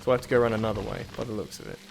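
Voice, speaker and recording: A man's voice: lowish voice, fairly even intonation, very fast, creaky, noisy background. A man doing casual gameplay commentary on a puzzle game, muttering to himself as he works things out, with self-deprecating asides and sudden frustrated outbursts.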